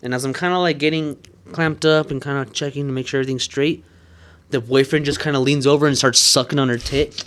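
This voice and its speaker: A man's voice: medium pitch, moderate pace, a little hiss or hum. A man in casual podcast chat tells rowdy stories from his piercing shop. He swears freely and laughs as he goes. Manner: profane, laughing, animated storytelling.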